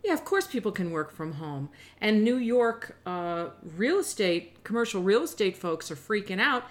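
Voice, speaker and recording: A middle-aged woman giving opinionated solo commentary, animated and emphatic with sarcastic asides. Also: medium pitch, normal speed.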